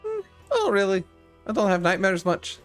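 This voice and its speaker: A man voicing a cheerful, excitable young male tiefling student in a tabletop game. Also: sits high, moderate pace, soft background music, pitched above the performer's own voice, full character voice. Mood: chipper. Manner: chipper, eager, chatty.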